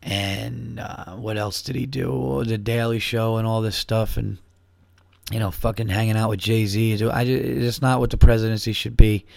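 A man's voice: lowish voice, little pitch movement, normal speed, gravelly, a little mellow, no echo. Profane, ranting male podcast host. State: a little buzzed. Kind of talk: casual monologue.

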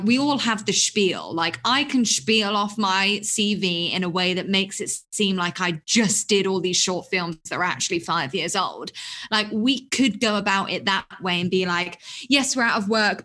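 A woman's voice: medium pitch, fairly bright tone. A woman co-hosting a podcast, reasoning points through in casual chat. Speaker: podcast co-host.

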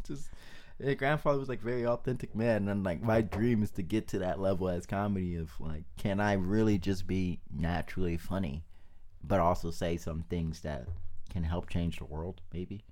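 A man's voice: low voice, normal speed, darkish tone. A young man, a comedian guest on a podcast, telling family stories in casual chat, laughing often and acting out the people he quotes.

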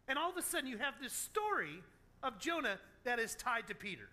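Male pastor, sermon, animated storytelling, high bright voice. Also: a little fast.

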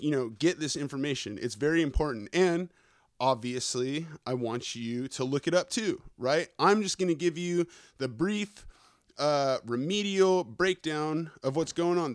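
A wired, fast-talking male podcast host rambles through a casual, profane news rant, swearing in nearly every sentence. His voice sits a bit high, and he keeps checking in with listeners by tossing in "okay?" and "right?" The recording is close and dry, with no room sound.

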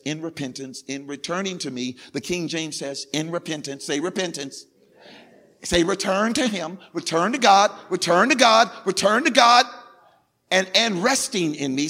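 A man's voice: sits high, pushed and bright. A man preaching a sermon as pastor, calling on the congregation to repeat words after him and repeating phrases for emphasis. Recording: long hall reverb from a big room.

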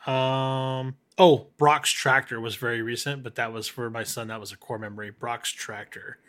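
A man co-hosting a casual podcast with a friendly, chatty manner, often stopping and restarting his sentences. His pitch sits in the middle. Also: steady tone, normal speed, fairly bright tone. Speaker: podcast co-host. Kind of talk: casual chat.

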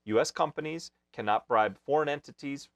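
A man's voice: medium pitch, brisk, a bit bright, dry recording. A man hosting a podcast panel, playing devil's advocate to stir debate. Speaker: host.

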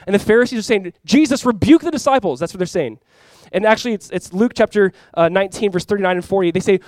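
Animated, conversational man preaching a sermon. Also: high-pitched, fast talker, dry recording. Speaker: pastor.

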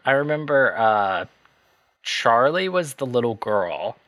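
A man's voice: medium pitch, sing-song, slow pace, fairly bright tone, no echo. A man co-hosting a podcast, chatting casually about a bad movie, hesitant and rambling with frequent laughs. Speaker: podcast co-host.

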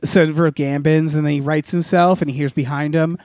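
A man's voice: a little high, steady tone, a little fast, darkish tone, no echo, studio quality. A man co-hosting a comedy podcast, rambling through an improvised story with many filler sounds and restarts. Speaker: podcast co-host.

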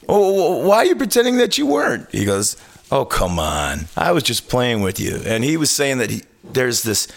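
A man's voice: on the low side, vocal fry. A man hosting a podcast, telling a road story in casual chat, acting out quotes and swearing freely. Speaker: podcast host.

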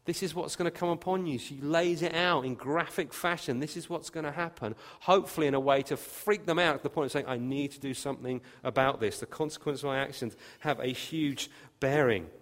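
A man preaching a sermon, emphatic, with his voice lifting and growing louder when he quotes scripture. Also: mid-range voice. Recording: long reverb of a hall.

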